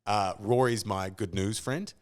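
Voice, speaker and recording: A man's voice: fairly low pitch, a little slow. An Australian man talking as a podcast guest in casual chat, telling stories animatedly and acting out other people's lines. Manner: animated storyteller who acts out quoted voices.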